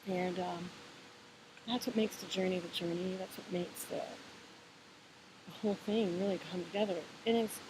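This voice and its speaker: A woman giving relaxed, meandering spiritual advice in a casual vlog, talking in an encouraging way with many fillers and restarts. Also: lowish voice, normal speed, long pauses. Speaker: vlogger sharing spiritual advice. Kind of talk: casual reflective monologue. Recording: hissy home recording.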